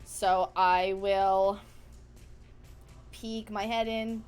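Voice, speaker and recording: A woman's voice: medium pitch, flat delivery, very slow, darkish tone, clear, resonant tone, soft background music. A woman playing in a tabletop game, flustered, laughing and swearing as she decides her move. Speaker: player. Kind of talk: casual tabletop play.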